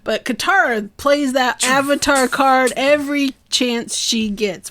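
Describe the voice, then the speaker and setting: A woman's voice: sits high, measured pace, hardly any pauses. Woman retelling scenes animatedly. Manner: animated retelling with acted quotes. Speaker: podcast co-host. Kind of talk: casual chat.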